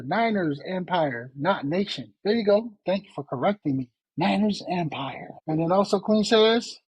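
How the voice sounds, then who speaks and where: A man's voice: sits high, slightly rough, no echo, poor audio. A man co-hosting a podcast in a laid-back, casual way, often tacking "man" onto his sentences. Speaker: podcast co-host.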